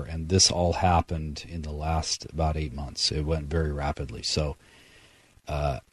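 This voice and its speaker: A man's voice: sits low, a little mellow, no echo. A man hosting a radio talk show in a casual, folksy way, with many fillers and direct address to listeners.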